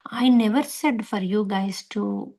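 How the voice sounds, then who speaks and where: A middle-aged spiritual teacher gives earnest advice in a question and answer session. Her voice carries a gravelly fry at a middling pitch. She repeats her points and often drops into soft, breathy near-whispers. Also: a little slow.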